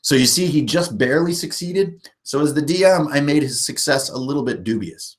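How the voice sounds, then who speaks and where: A man's voice: on the high side, animated, brisk. A man teaching beginners how to run a tabletop game on a livestream, blunt and emphatic.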